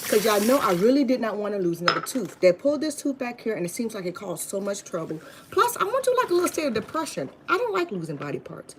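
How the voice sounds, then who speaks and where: A woman's voice: mid-range voice, fast, hardly any pauses, background noise. A woman from Florida, telling a rambling storytime to her viewers and calling them y'all. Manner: rambling, lively, addresses viewers as y'all, frequent restarts. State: tired. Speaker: vlogger. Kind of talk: casual storytime chat to viewers.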